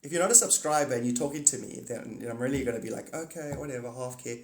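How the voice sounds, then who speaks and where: A man's voice: medium pitch, racing, echoey room. A man hosting a casual livestream, talking to viewers in a rambling, blunt and profane way. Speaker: livestream host.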